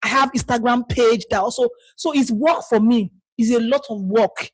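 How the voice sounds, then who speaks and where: A woman's voice: fairly high pitch, normal speed, slightly rough, no room sound, low-quality recording. A woman with a Nigerian accent leading an online community call, talking bluntly and scolding her listeners. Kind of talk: live call talk to members.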